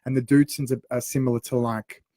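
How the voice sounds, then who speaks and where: Animated man telling a story. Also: medium pitch, quick pace, no room sound, clean studio sound. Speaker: radio co-host. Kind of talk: casual storytelling chat.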